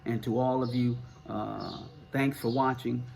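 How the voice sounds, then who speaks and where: A man's voice: medium pitch, steady tone, measured pace, creaky, darkish tone. A middle-aged American man with a Northern US accent, answering viewer questions in a casual, rambling talk full of fillers and repeated words. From United States.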